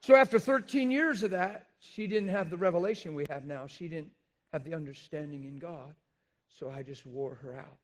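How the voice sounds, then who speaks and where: A high-voiced male pastor preaches with blunt, confessional candor. He shouts out his points and then drops low and quiet. His high pitch carries through both. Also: moderate pace. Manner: swings from loud shouting to quiet storytelling. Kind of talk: sermon.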